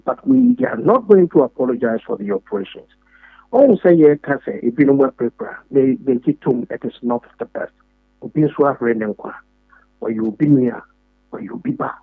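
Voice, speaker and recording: On a phone-quality line with no echo, the Ghanaian deputy defense minister presses his points in a radio interview, leaning on repeated fillers. His mid-range voice is husky and animated, at normal speed, with a Ghanaian English accent.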